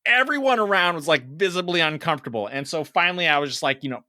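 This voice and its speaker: A man in his thirties co-hosting a podcast, telling a story casually, swearing and acting out quotes with big jumps in pitch. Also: expressive, fairly quick, bright, forceful tone, dry recording. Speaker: podcast co-host.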